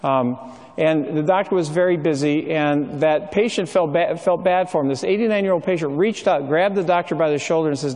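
A middle-aged man preaches in a relaxed, storytelling way, sprinkling his talk with ums and uhs. His voice sits a little higher than most men's, and a long reverb trails after each phrase, as if he stands in a large hall. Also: brisk. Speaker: speaker. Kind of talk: sermon.

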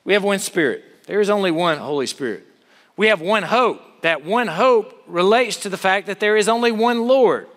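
High-voiced preaching man, echoing hall. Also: animated, moderate pace, fairly bright tone. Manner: earnest preaching with rhetorical questions. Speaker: pastor. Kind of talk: sermon.

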